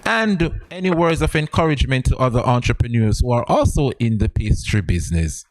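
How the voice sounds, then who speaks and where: A man's voice: mid-range voice, lively intonation, fairly quick. A man from Saint Kitts co-hosting a morning talk show, agreeable and often repeating his assent. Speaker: co-host.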